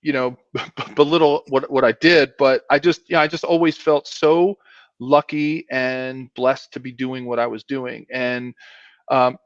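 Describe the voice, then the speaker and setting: A man's voice: mid-range voice, fairly even intonation, measured pace, dry recording. Rambling man with a muffled sound. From South Philadelphia, US. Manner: rambling, self-deprecating, many restarts and fillers. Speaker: guest, former pro football player. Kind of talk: casual storytelling interview. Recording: dull, muffled sound, dry.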